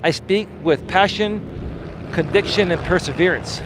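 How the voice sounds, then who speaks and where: Walking down an urban street outdoors, a man of Greek heritage coaches on a live stream, reading chat aloud and answering in a passionate, emphatic, argumentative way. His voice is high and unhurried, with a noisy background.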